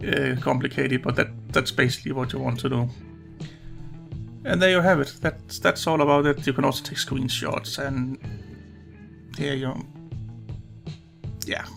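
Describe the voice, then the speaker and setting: A man talking through a software tutorial in a loose, rambling way, swearing now and then and sounding a little hoarse. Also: mid-range voice. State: slightly hoarse. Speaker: YouTuber explaining recording software. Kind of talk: casual screen-recording tutorial. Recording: background guitar music.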